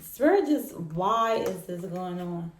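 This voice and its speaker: A woman's voice: on the low side, lively intonation, slow. A woman giving a casual tarot reading, speaking straight to the listener and repeating her points. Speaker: tarot reader. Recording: roomy echoey room.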